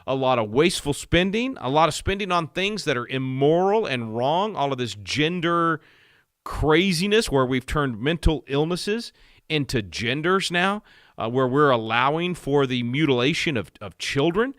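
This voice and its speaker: A man's voice: fairly high pitch, expressive, normal speed, fairly bright tone, dry recording, clean studio sound. A male radio host giving emphatic talk radio commentary, rising sharply on key points, with many fillers and restarts. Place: radio studio.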